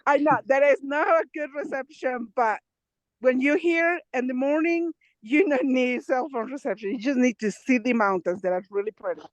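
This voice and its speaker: A woman, out of breath, calling in by phone from the mountains, laughing often and talking in halting bursts. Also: high-pitched, dry recording. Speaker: nonprofit co-founder giving a remote update. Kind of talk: casual talk over a video call. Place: outdoors in the mountains. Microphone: phone on a video call. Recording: dull lo-fi video call audio.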